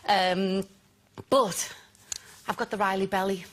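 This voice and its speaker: A woman's voice: mid-range voice, fairly even intonation, slow, very noisy. A woman panelist on a daytime TV chat show in a studio, wry and self-mocking.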